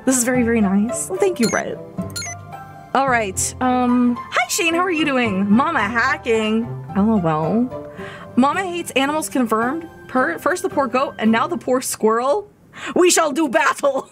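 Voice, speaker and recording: A woman's voice: high-pitched, lively intonation, measured pace, over music. A young woman casually chatting and muttering to herself as she plays a video game on a live stream, often repeating words under her breath and giggling. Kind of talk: casual live gameplay chat.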